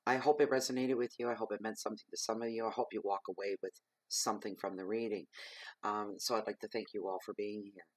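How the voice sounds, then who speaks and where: A man with a fairly low, steady voice speaks fast in his earnest weekly tarot reading, hammering points through repetition and emphatic advice, plus a cough. There's no echo; the sound is dry and close with no surrounding room.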